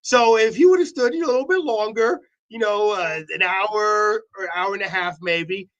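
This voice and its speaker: A man's voice: high-pitched, moderate pace, fairly bright tone, dull audio. A man co-hosting a local morning show, joking and playfully defending himself in studio banter. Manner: playful, mock-defensive teasing.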